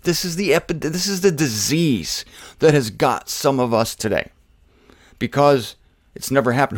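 Guy preaching bible stuff all casual and jokey, gets loud then goes quiet, dry close mic. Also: mid-range voice, moderate pace, dry recording. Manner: animated, swings from loud emphatic bursts to quiet asides; conversational, jokey, addresses listeners directly. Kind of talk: informal Bible teaching.

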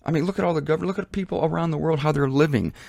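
A man with a gravelly, fry-edged voice and a mid-range pitch talks straight into a front-facing camera in a laundry room, hosting his own show. He speaks emphatically and repeats himself, and his pitch leaps high when he mocks a view. The sound is dry and close. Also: rapid-fire, a little mellow, dry recording. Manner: emphatic, repetitive, swings to high pitch on mocking lines. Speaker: show host. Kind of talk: casual opinion monologue.

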